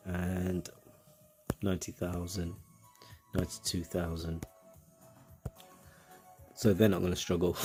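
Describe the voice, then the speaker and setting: A man's voice: low-pitched, gravelly, a little mellow. A man with a British accent giving casual, rambling commentary on a game, with self-mocking asides.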